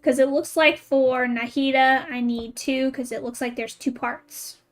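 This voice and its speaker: A woman's voice: sits high, fairly even intonation, a little slow. A woman game streamer in casual chat, reading a children's story aloud with giggly, amused asides.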